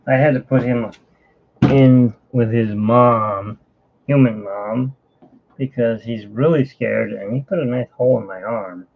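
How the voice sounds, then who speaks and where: A middle-aged man with hiccups chatting casually at home while drawing, rambling and animated, his pitch jumping up when he gets excited. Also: a little slow, gravelly, noisy background. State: has hiccups. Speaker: artist and channel host. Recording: dull lo-fi home recording.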